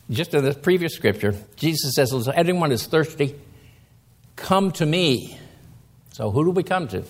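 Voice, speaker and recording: Male preacher, husky, animated sermon delivery. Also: medium pitch. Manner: reads scripture slowly, then explains with emphatic rises.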